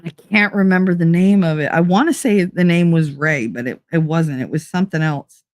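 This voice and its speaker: A woman's voice: on the low side, moderate pace, dry recording. A middle-aged woman hosting a casual livestream, telling stories with lots of energy, swearing freely and laughing often as she answers chat. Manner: animated storytelling, frequent swearing and laughter. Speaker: livestream host reading chat.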